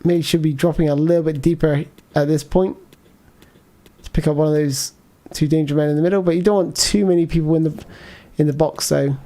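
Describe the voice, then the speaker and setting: A man's voice: on the high side, fairly even intonation, fairly quick, dark tone. A man giving casual live commentary as he plays a football video game, thinking aloud and answering viewer chat. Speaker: gaming livestreamer.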